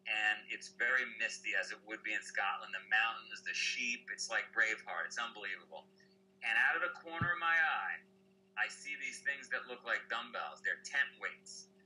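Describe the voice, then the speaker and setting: A man's voice: fairly low pitch, lively intonation, moderate pace, sharp tone, soft background music, poor audio. A man speaking as a podcast guest, telling stories with energy and asking rhetorical questions. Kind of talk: casual chat.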